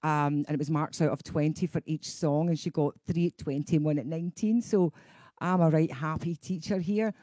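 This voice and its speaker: A woman's voice: deep voice, steady tone, normal speed, warm tone. A middle-aged Scottish woman hosts a live session as a singing teacher. She chats in a loose, laughing way and drifts off on tangents. Her voice sounds dry and close, with no room echo. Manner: chatty, laughing, goes off on tangents. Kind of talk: casual live-stream chat.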